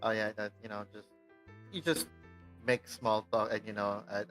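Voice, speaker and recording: Casting: relaxed player, casual chat. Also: male voice, fairly low pitch, normal speed, soft background music. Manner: easygoing, laughs often.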